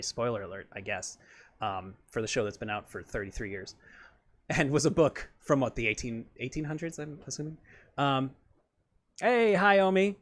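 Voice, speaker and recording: A man's voice: fairly high pitch, a bit bright. A man in his thirties chatting casually between songs on a live stream, rambling and correcting himself as he goes. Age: 30s. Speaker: singer hosting a live stream. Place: room at home. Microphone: studio microphone.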